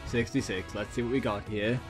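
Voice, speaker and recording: A man's voice: on the low side, fairly even intonation, brisk, faint music behind. A man running a tabletop game as game master, rambling and laughing as he narrates. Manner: giggly, rambling, many restarts.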